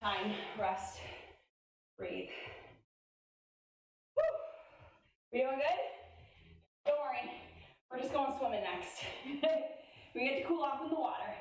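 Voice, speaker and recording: Upbeat woman fitness coach, high voice, heard from a distance in an echoey room. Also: lively intonation, slow, pauses often. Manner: upbeat, encouraging, chatty cues with laughs. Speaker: fitness instructor. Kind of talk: workout class coaching.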